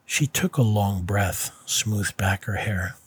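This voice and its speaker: A man narrating a story in a calm, measured reading style. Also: on the low side, husky. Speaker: audiobook narrator. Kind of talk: scripted narration.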